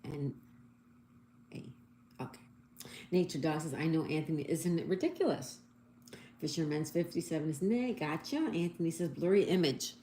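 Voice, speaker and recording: A woman with a slightly low voice chats her way through a live crossword stream. She reads viewers' comments aloud and greets each one cheerfully. The room rings with echo, and a faint noise sits underneath. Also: normal speed, pauses often, warm tone. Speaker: livestream host. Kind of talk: casual live chat reading comments.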